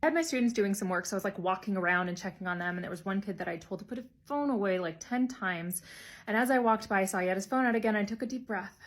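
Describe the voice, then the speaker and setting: A woman's voice: mid-range voice, fast, no room sound. Casting note: woman in her thirties, confiding comic storyteller. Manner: chatty, confiding anecdotes with acted quotes. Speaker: comedian and teacher. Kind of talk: comedic storytelling.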